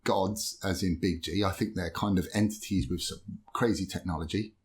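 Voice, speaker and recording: Animated storytelling man, lowish voice. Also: moderate pace. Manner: animated, swearing, acts out quoted voices. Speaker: podcast guest. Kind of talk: casual storytelling.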